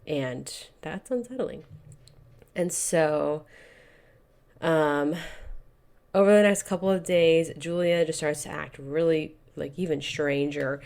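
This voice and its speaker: A woman's voice: low-pitched, fairly even intonation, takes it slowly, gravelly, pauses often, a little mellow. A woman co-hosting a podcast, casually retelling a novel's plot in a chatty way, peppered with "like" and "you know.". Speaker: podcast co-host. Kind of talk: casual book-club chat retelling a plot.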